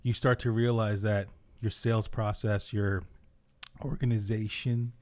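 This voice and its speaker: A man's voice: fairly low pitch, flat delivery, a little slow, darkish tone. A man hosting a casual podcast chat, upbeat and slangy, laughing often. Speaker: podcast host.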